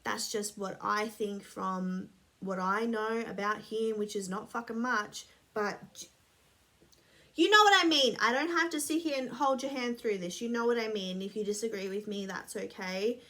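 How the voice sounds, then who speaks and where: A woman's voice: mid-range voice, fairly even intonation, moderate pace, a bit bright. A woman rambling casually to camera, blunt and sweary, a bit sniffly. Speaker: vlogger.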